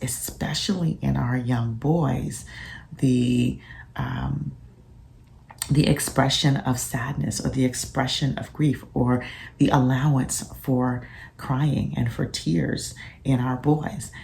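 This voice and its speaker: A woman with a very low voice and a gravelly edge shares a casual vlog reflection. She is soft-spoken and thoughtful, with frequent pauses. Her tone is mellow and dark. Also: slight background noise. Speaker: physician and mother sharing parenting reflections.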